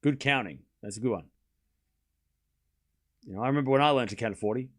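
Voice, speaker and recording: A man hosting a live tennis watchalong stream, calling points with excitement and chatting casually and bluntly with his viewers. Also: mid-range voice, fast. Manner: excited play-by-play, then ranting casually at chat. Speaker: stream host and tennis commentator. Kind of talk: live watchalong commentary with chat.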